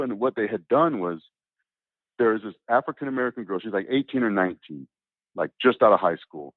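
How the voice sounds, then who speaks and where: A man telling a long story in casual chat, rambling and animated, with many restarts and acted-out quotes. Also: lowish voice, a little fast, dry recording. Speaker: interview guest. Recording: tinny phone-like line, dry.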